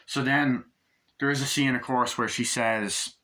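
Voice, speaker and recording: A man's voice: steady tone, measured pace, sharp tone. Rambling casual male movie reviewer. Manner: rambling, acts out scenes in shrieking high voices. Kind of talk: casual spoken film review.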